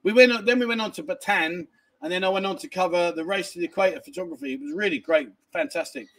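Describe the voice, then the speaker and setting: Indoors at a village family home, a man hosts a laid-back livestream, chatting loosely as he reads out viewer messages, swearing casually and restarting often. His voice is high and fairly bright with vocal fry, moving quickly through big swings in pitch.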